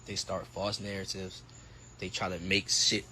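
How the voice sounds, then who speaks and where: A young man in his twenties, a boxer, giving a heated, profane trash-talk rant that swings between loud and muttered. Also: low-pitched, little pitch movement, measured pace, slightly rough. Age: 20s.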